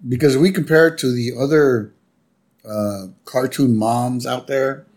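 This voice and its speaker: A man talking casually on a podcast about a cartoon episode. He retells scenes and drops jokes in a relaxed way. His voice sits at an ordinary middle pitch. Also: measured pace. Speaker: podcast co-host, teacher.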